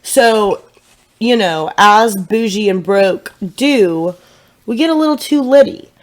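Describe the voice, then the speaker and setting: A woman's voice: mid-range voice, expressive, slow. A woman in her twenties from Tennessee, co-hosting a casual podcast and talking in a chatty, playful way with frequent laughs. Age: 20s. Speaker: podcast co-host. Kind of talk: casual chat.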